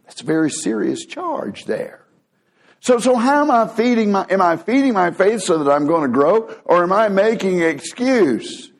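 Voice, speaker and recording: A man, preaching a sermon as pastor, acting out quoted voices with big swings in pitch. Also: very animated, moderate pace, creaky.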